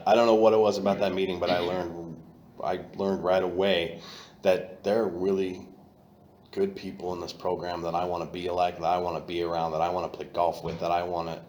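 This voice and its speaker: A man telling his recovery story at a meeting, candid and profane, and he gets loud when he acts out old moments. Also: deep voice, reverberant, a little hiss or hum. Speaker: AA meeting speaker. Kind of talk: personal recovery talk. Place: meeting room.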